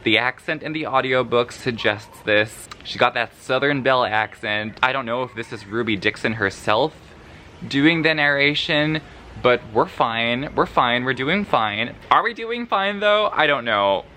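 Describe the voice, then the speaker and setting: A man's voice: mid-range voice, a little slow, a little hiss or hum. A sleep-deprived man chatting casually in a book vlog, rambling and swearing as he reacts to what he reads. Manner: sleepy, profane, rambling and animated. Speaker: book vlogger.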